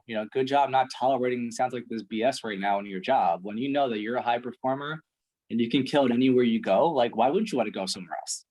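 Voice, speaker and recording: A man's voice: mid-range voice, fast talker, darkish tone. A man coaching a salesperson one-on-one on a call, blunt, intense and full of swearing.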